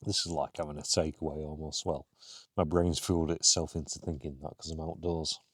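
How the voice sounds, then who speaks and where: Deep-voiced chatty man outdoors. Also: flat delivery, a little fast, a bit bright, dry recording, studio quality. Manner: chatty, rambling, with many fillers. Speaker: wild camping vlogger. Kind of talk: casual talk to camera. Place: outdoors on a hill, later inside a tent.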